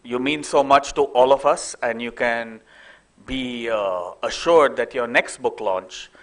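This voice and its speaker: A festival host addresses the hall in a mid-pitched voice. He thanks people and gives the schedule. His talk is friendly, with many fillers. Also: unhurried, fairly bright tone. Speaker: festival organizer and event host. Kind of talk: event announcements.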